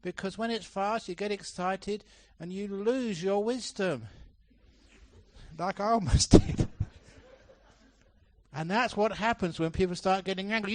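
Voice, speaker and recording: Monk giving a lively dharma talk, slightly high voice, close dry sound, animated storyteller. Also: male voice, unhurried, pauses often, dry recording. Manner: lively storytelling, changes pitch and pace to act out examples, laughs often. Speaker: Buddhist monk teaching a retreat. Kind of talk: dharma talk to a retreat audience. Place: temple hall, live talk.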